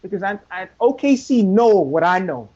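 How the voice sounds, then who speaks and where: A man's voice: high-pitched, big pitch swings, normal speed, warm tone. A man talking sports on a podcast in an emphatic way, repeating himself for effect. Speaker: podcast co-host. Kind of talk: casual sports talk. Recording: muffled lo-fi podcast audio.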